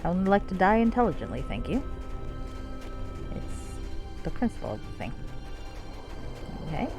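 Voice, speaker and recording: A woman's voice: fairly low pitch, very animated, moderate pace, music in the background. A woman streaming a fantasy role-playing game, making wry, joking asides as she plays. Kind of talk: live game-stream commentary.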